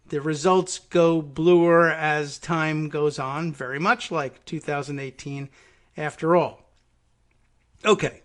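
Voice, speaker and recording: A man's voice: fairly high pitch, fairly bright tone. A man hosting a political talk podcast, rambling casually on his own and chuckling at odd place-name pronunciations. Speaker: podcast host.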